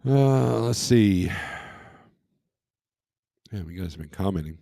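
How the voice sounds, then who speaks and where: A man's voice: sits low, expressive, slow, creaky, warm tone, no room sound, studio quality. A man hosting a casual trucking livestream, rambling as he reads load listings aloud and comments on them. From Michigan.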